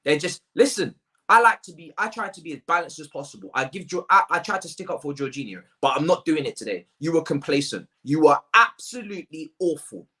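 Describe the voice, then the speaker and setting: Exasperated football fan ranting. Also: male voice, fairly high pitch, animated, fast, fairly bright tone. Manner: exasperated, repeats phrases for emphasis, slangy. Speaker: football fan channel host. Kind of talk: ranting match review to camera.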